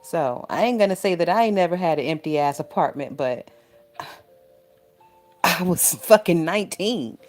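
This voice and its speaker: Young woman w a lowish voice cussing + laughing thru a casual rant, faint music behind. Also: lively intonation, normal speed, long pauses, darkish tone. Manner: profane, exasperated, laughs a lot. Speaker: YouTube commentary host. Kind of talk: casual reaction commentary reading live chat. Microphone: phone.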